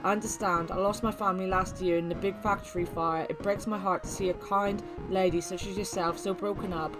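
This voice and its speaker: A woman voicing a humble, kindly male farmer, a grieving widower who speaks with gentle, old-fashioned politeness. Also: mid-range voice, steady tone, a little fast, close to an everyday voice. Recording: game music playing behind.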